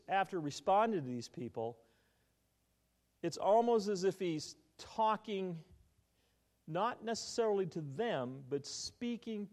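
Male pastor, slightly high, very expressive delivery, sermon with storytelling and audience questions. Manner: animated storytelling, quizzing the congregation.

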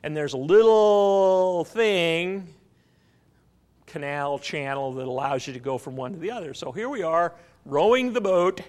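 A man's voice: on the high side, unhurried, a little mellow. A man preaching a sermon, telling a story and asking the congregation questions. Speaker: pastor.

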